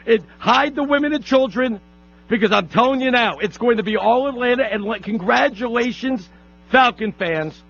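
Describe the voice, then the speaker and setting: A man's voice: extremely high pitch, normal speed, creaky, a bit bright. A man hosting a sports talk radio show, brash and boastful, often stumbling over his words and restarting. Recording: dull lo-fi radio broadcast.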